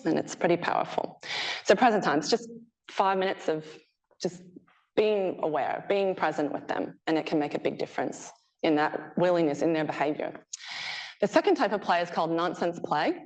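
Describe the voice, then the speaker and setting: Lively, slightly low-voiced woman presenting. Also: normal speed, low-quality recording. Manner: chatty and animated, laughing often, acting out quotes. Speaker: PhD researcher presenting her work. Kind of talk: conference presentation. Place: presentation room with a live audience.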